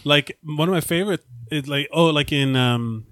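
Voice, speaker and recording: A man's voice: a little high, moderate pace, a bit bright, no echo, clean studio sound. A man from the United States hosting a casual podcast, rambling and swearing with many restarts. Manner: rambling, profane, lots of restarts. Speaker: host.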